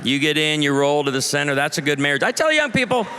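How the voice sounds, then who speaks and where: A man's voice: a little high, big pitch swings, fast talker, bright, forceful tone, a little hiss or hum. A man in his forties, a pastor doing stand-up comedy for a live audience, punchy and playful, calling for the crowd to answer. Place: large live venue. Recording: long reverb of a large venue.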